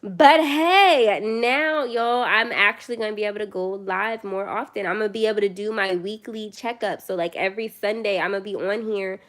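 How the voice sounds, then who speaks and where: A woman's voice: medium pitch, moderate pace, a bit bright. A young woman chatting casually on her first phone livestream, tired late at night, rambling and self-deprecating.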